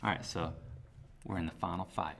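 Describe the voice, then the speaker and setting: Gravelly low-voiced young man, deadpan. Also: brisk, slight background noise. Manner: dry, laid-back humor. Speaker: podcast co-host. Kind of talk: casual chat. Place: indoors at a table, face to face.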